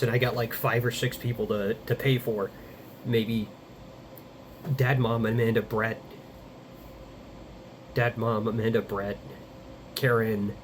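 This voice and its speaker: A man in his thirties talking casually to the camera, halting and rambling with many fillers and some blunt swearing. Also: medium pitch, slight background noise. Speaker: vlogger. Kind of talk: casual confessional monologue.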